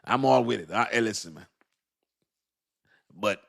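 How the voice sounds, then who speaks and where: A man's voice: on the low side, slow pace, creaky, long pauses. Laughing, slangy male livestream host. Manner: animated, slangy, laughs often, talks to chat. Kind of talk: casual livestream commentary.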